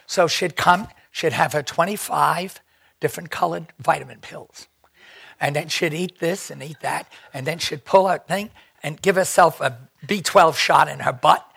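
An older man telling a lively anecdote in an interview, rambling and digressive. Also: a little high, moderate pace, gravelly, husky, no echo, studio quality. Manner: animated, acts out quoted voices. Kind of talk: storytelling anecdote.

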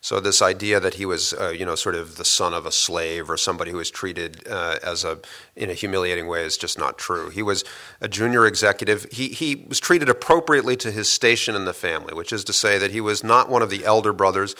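A man interviewed as a guest, giving long, measured story-like answers with frequent hesitations and restarts. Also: low voice, fairly even intonation, bright, forceful tone.

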